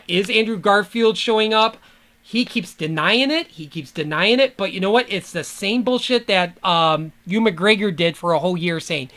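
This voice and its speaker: Unscripted and drifting off topic, a podcast host rants alone as a fan, swearing freely. The mid-range voice comes across bright and forceful in this rambling monologue.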